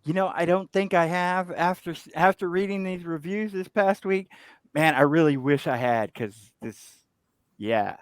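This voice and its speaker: A friendly man joins a casual podcast as co-host and keeps it easygoing. His voice is high for a man, and the sound is dry and close. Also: measured pace, no room sound.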